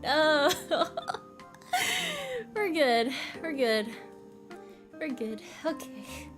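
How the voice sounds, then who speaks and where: Young woman, high voice, giggly casual streamer chat, faint music under it. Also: drawn-out words. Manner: giggly, self-deprecating, trails off and restarts. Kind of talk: casual chat reading viewer messages.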